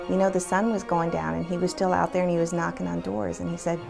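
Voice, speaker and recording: A woman's voice: lowish voice, moderate pace, gravelly. Woman telling a story over faint music. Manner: storytelling, animated quoting. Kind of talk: documentary interview.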